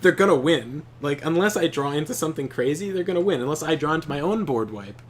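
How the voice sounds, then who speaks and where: A man's voice: fairly high pitch, quick pace, slight background noise. Young man swearing through gaming stories. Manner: animated storytelling, swears often. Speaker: streamer. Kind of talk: casual chat while gaming.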